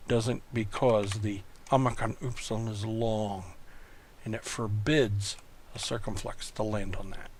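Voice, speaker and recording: A man's voice: medium pitch, slight background noise. A man tutoring in a recorded online lesson, explaining patiently and methodically, often repeating words. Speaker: Greek tutor.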